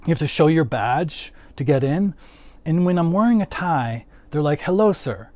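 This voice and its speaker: Chatty man with a mellow voice. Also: fairly high pitch, animated, normal speed, no room sound. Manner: rambling, chatty, lots of "like" fillers. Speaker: livestream host answering chat. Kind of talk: casual chat.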